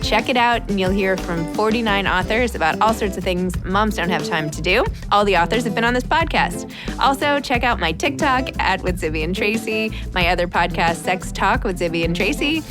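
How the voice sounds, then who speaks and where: A woman's voice: mid-range voice, expressive, normal speed. A chatty, enthusiastic woman hosts a podcast interview in a mid-range voice. She talks in an easygoing way and fills her sentences with "like". Faint music runs under her. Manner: enthusiastic and chatty, says "like" often. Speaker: podcast host.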